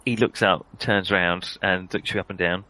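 A man's voice: sits low, fairly even intonation, moderate pace, pushed and bright, poor audio. A man narrating a tabletop game as game master, hesitant, with many fillers and self-corrections.

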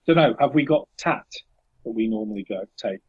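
A man's voice: fairly high pitch, very animated, fairly quick, creaky, breathy edge, no echo. A man playing in a tabletop game, talking in a rambling, jokey way. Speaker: player. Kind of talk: casual tabletop chat. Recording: dull lo-fi mic.

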